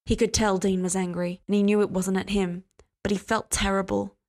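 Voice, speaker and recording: A woman reading a story aloud as audiobook narrator in a steady, even manner. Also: mid-range voice, a little fast. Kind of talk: scripted narration.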